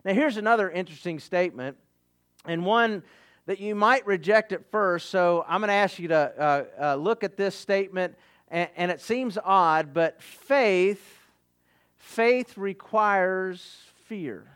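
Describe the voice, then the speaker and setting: A man preaching a sermon, earnest and halting, with frequent restarts and fillers. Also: high voice, fairly bright tone, smooth. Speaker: pastor.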